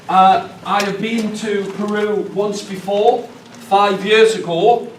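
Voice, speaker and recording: A man's voice: high voice, fairly even intonation, slow. A man with a Northeast English accent, a storyteller leading a workshop, chatty and playful with the audience. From northeast England. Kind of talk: live workshop talk to an audience. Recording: echoey room, mic far off, faint background noise.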